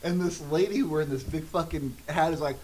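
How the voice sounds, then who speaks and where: A man on a podcast tells stories in loose, casual chat, his voice a touch higher than usual. He laughs often and swears freely. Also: fairly quick, dark tone, a little hiss or hum, rough recording. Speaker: podcast co-host.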